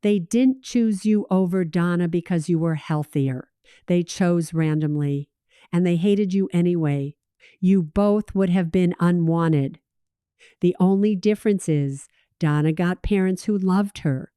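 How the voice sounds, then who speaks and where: A woman's voice: on the low side, a little slow, mellow, clear, resonant tone, no echo, studio quality, close to an everyday voice. A woman voicing a frank, supportive friend who speaks bluntly and matter-of-factly.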